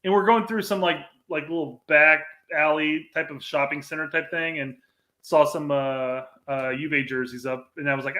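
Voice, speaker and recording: A laid-back man from Indiana with a slightly higher voice, casually telling stories on a podcast. He teases his co-host in an easy, relaxed way. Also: moderate pace. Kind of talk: casual chat, storytelling.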